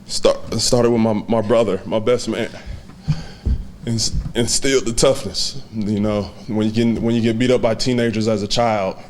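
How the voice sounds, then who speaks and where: A man in his twenties giving a heartfelt, halting acceptance speech to a banquet audience, with many fillers. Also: fairly low pitch, a little mellow, slight background noise. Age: 20s. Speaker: hall of fame inductee giving a speech.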